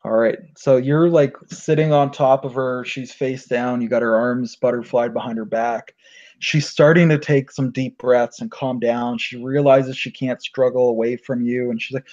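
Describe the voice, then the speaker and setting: A man's voice: mid-range voice, moderate pace. Chill guy running the game, lots of uhs, muffled lo-fi audio. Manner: relaxed, frequent fillers. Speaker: game master. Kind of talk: tabletop game narration. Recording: dull lo-fi recording.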